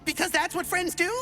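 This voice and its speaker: In a very high, bright, forceful full character voice, a woman plays a video game's young adventurer who is bubbly and silly. The character keeps trying out new classes and speaks playfully, theatrically, and teasingly.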